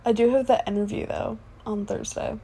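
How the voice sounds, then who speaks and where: A woman's voice: fairly high pitch, fairly even intonation, moderate pace, dark tone, husky. A woman in her twenties doing a whispered role-play as the listener's sleepy, chatty fiancée, rambling between yawns.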